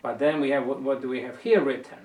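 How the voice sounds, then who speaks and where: A man's voice: mid-range voice, fairly even intonation, quick pace, darkish tone. Man coaching violin in a roomy room. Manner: patient, repeats words while searching for phrasing. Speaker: violin teacher. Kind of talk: music lesson coaching. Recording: roomy sound from a distant mic.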